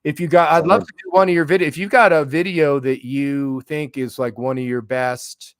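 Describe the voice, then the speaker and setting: A man's voice: a little high, steady tone, moderate pace, clean tone, no echo, studio quality. A man hosting a casual live stream, over-caffeinated, swearing constantly and rambling from one thought to the next. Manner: profane, rambling, jumpy. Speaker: livestream host.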